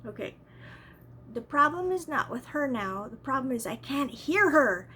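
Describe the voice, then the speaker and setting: Woman vlogging, kinda high voice, rambly and fed up, repeats stuff, faint noise behind. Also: sing-song, normal speed, pushed and bright. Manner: rambling, exasperated, repeats herself. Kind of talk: casual storytelling to camera.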